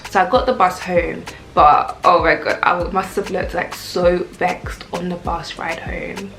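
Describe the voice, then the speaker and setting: A young woman, telling a casual storytime rant in a chatty, animated way. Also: lowish voice, unhurried, gravelly. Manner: chatty, animated, lots of "like" and "I was like". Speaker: vlogger. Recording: echoey room with faint music.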